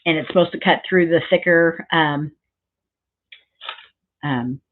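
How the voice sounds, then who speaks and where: A woman chatting casually through a crafting tutorial, rambling into side stories and filling pauses with lots of ums. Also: deep voice. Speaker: craft vlogger. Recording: thin phone-like sound.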